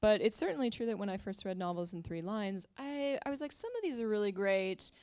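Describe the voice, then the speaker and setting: A woman's voice: medium pitch, expressive, brisk, darkish tone. A woman guest writer in a library seminar who reads short pieces aloud and chats with many small laughs. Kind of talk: conversational seminar reading aloud. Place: library event room with live audience.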